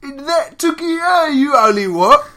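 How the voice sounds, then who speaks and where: Guy doing a cackly cockney ripper voice, high and shouty, bright and tense. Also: lively intonation, heavily acted. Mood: gleeful. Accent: put-on Cockney. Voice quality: shouted, high, drawn-out, dropped words. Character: cackling Cockney Jack the Ripper, letter-reading man.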